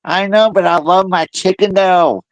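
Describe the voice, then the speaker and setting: A man chatting casually as host, telling stories in a lively way and mimicking other people's voices. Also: sits high, normal speed, no echo, muffled recording. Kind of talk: casual chat.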